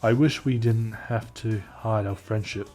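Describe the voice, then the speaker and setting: A man voicing a gentle, worried young princess in a comic reading, soft and wistful. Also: on the low side, steady tone, measured pace, soft background music.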